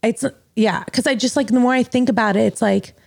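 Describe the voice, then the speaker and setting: A woman's voice: fairly high pitch, fairly quick, gravelly, a little mellow, dry recording. A woman in her thirties co-hosting a podcast, talking candidly and rambling with lots of fillers, tearful at times. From US East Coast. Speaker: podcast co-host. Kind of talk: casual chat.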